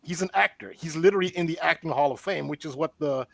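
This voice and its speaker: A man's voice: fairly high pitch, quick pace, vocal fry, no room sound. A man on an online roundtable, earnestly laying out a theory, often restarting his sentences. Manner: earnest, explanatory, with frequent restarts. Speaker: roundtable guest presenting a theory. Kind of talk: casual online roundtable discussion.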